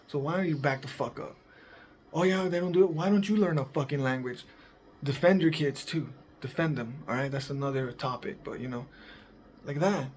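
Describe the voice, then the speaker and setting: A man's voice: fairly high pitch, a little mellow, a little hiss or hum. A man giving casual, profanity-heavy parenting advice in a rambling, laid-back vlog monologue. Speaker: parenting vlogger.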